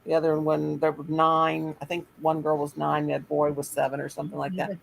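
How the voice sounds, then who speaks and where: A woman's voice: low voice, fairly quick, gravelly, slight background noise, low-quality recording. An older woman, a teacher, telling a rambling story in casual chat and acting out what other people said. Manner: rambling, animated quoting of others.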